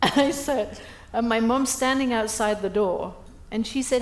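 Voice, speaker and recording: This keynote speaker, a middle-aged woman, has a fairly high voice and a moderate pace as she shares humorous, self-deprecating anecdotes at a breakfast. She acts out quotes with liveliness, and the echoey hall carries slight background noise.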